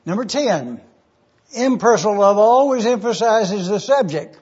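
Male preacher, high husky voice, deliberate repeated phrasing, muffled recording. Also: expressive, darkish tone. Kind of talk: numbered teaching sermon.

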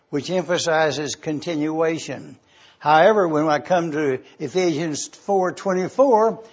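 A man preaching a sermon to a congregation, teaching slowly and deliberately and spelling out Greek words letter by letter. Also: on the high side, husky, dull audio. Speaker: pastor.

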